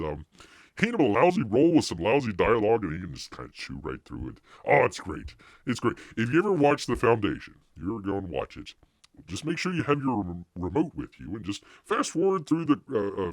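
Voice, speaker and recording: A man's voice: lowish voice, dry recording, clean studio sound. A man hosting a live stream, chatting casually in a rambling way, with frequent restarts and laughter. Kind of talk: casual review chat.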